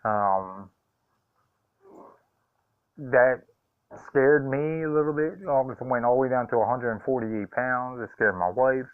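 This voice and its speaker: Man, hesitant, heartfelt vlog talk, smooth voice, thin phone-line sound. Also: medium pitch, a little slow, pauses often, dry recording. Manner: hesitant, full of ums and uhs, heartfelt. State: choked up. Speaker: vlogger.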